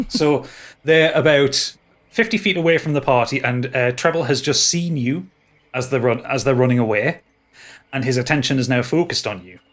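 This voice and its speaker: Stammering game master man. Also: medium pitch. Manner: stammering, quick restarts. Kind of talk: narrating a tabletop game.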